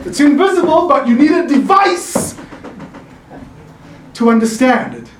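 A man preaching a sermon in a chapel, animated and playful, calling on the congregation to answer him. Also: extremely high pitch, a little slow, background noise. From South Africa. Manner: animated, playful, calls for audience response. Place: chapel in the mountains. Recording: echoey chapel, voice from a distance.

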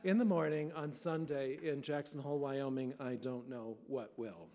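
A man's voice: medium pitch, moderate pace, warm tone. A man in his sixties, a priest, giving a folksy, playful sermon in a church with sudden emphatic swells. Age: 60s.

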